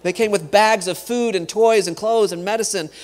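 Man, fairly high voice, earnest church speaker who repeats himself and acts out dialogue; long hall reverb. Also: normal speed. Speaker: missionary speaker. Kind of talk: storytelling church talk.

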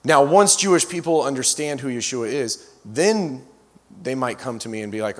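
A man's voice: medium pitch, expressive, moderate pace. Male guest preacher, anecdote-heavy sermon, self-correcting asides, long hall reverb. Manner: storyteller with frequent restarts and asides. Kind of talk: storytelling sermon.

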